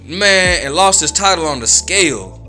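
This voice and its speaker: A man's voice: on the high side, moderate pace, soft background music. A man giving casual boxing commentary in slangy talk, acting out what others said. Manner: slangy, animated, acts out quotes.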